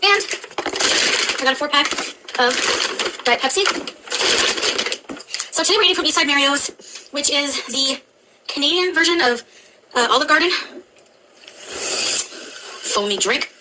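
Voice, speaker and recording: A woman's voice: sits high, animated, a little slow, pauses often, background noise. A woman chatting casually on her eating vlog in a giggly, chatty way. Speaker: food vlogger.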